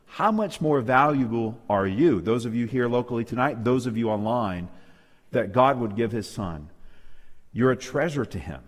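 A man's voice: mid-range voice, animated, moderate pace, in a large hall. A man preaching a sermon, emphatic and asking his listeners questions. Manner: emphatic, asks the audience questions. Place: church hall, live audience.

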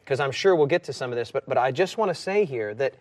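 A man in a Bible discussion group making wry, quick remarks. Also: mid-range voice, lively intonation, no room sound. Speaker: co-host.

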